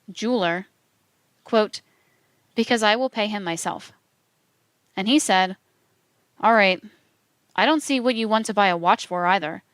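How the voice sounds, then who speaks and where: A woman narrating a true-crime account in a measured, even reading, voicing quote marks aloud. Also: mid-range voice, clear, resonant tone, no echo.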